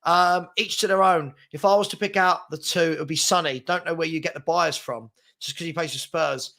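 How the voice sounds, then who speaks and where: A middle-aged man chats on a daily football live stream, answering viewer comments. His voice sits a little high. He argues in an animated, exasperated way. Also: brisk, creaky.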